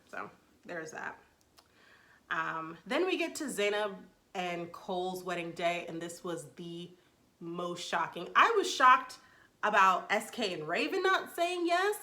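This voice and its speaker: A woman with a bright, forward voice talks casually through her review. Her delivery is chatty and expressive, full of "like" and "um" and strong reactions. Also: lowish voice, measured pace. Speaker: TV show reviewer, channel host. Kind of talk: casual spoken recap and review.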